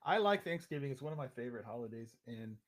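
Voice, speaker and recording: A man co-hosts a loose live chat with a mid-range voice, relaxed and earnest. He speaks plainly and swears now and then without heat. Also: medium pitch, quick pace. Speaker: co-host. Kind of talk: casual chat.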